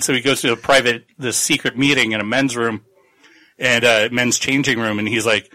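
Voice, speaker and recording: On a podcast, a male co-host loosely recaps a novel's plot, rambling and cursing as he voices the characters. His mid-range voice has fairly even intonation, a sharp tone and a moderate pace, and the recording is rough.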